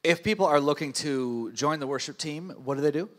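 A man's voice: a little high, a little fast. A man hosting a church service, interviewing leaders in a friendly, playful way. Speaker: host.

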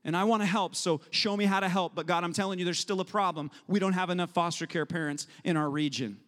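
A man preaching a sermon as pastor, animated, acting out prayers and voices. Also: high voice, fast talker. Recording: long hall reverb.

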